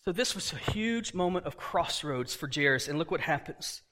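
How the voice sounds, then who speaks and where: A man preaching a sermon, animated, acting out dialogue and laughing often, dropping to a quiet voice for emphasis. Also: fairly high pitch, moderate pace. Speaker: pastor.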